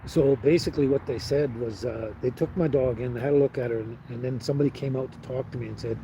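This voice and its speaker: A man's voice: mid-range voice, quick pace, few pauses, background noise. Man rambling on a live stream. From Canada. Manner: rambling, talks to chat viewers by name. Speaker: livestream host. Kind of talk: casual live-stream chat.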